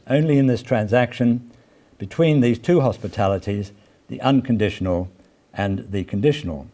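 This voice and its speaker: An older man, a law professor, giving an academic lecture in a measured, halting way, often pausing with "uh" and stressing key words as he reads quotations aloud. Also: fairly low pitch, warm tone.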